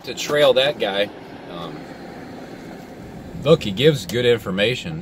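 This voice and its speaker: A man commentating in a sarcastic vlog, mocking doomsday alarm with exaggerated outbursts and low muttered asides. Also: animated, slow, long pauses, noisy background. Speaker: video commentator.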